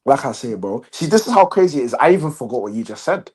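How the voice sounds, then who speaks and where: A young man, talking excitedly and casually as a football fan, full of slang and repeating "bro" and "you understand". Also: mid-range voice, quick pace, slightly rough, no echo, clean studio sound. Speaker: guest fan.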